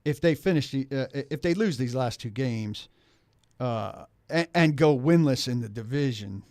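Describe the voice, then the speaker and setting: A man's voice: medium pitch, lively intonation, moderate pace, a little mellow, no echo. A man co-hosting sports talk radio in casual banter, wry and argumentative, on a studio mic.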